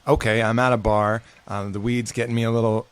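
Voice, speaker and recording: A man appears as a podcast guest, talking casually, earnestly and reflectively about facing fear, with some swearing. His lowish, smooth voice is delivered flatly and a little fast.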